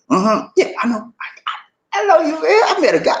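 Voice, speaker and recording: Animated preachy man with a lively voice. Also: sits high, moderate pace. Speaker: YouTube creator. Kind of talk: casual vlog monologue.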